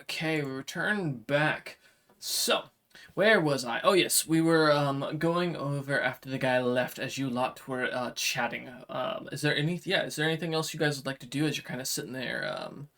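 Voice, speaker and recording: A man running a tabletop game as game master, talking in a relaxed way with frequent fillers. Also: mid-range voice, normal speed.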